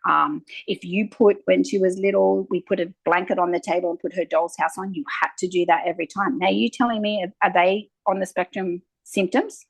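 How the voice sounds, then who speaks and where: A woman's voice: on the low side, brisk, gravelly, hardly any pauses, husky, no room sound, low-quality recording. A woman, a naturopath guest talking at length in an interview and acting out little exchanges as she tells stories. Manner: animated storyteller, acting out quoted exchanges. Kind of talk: conversational interview.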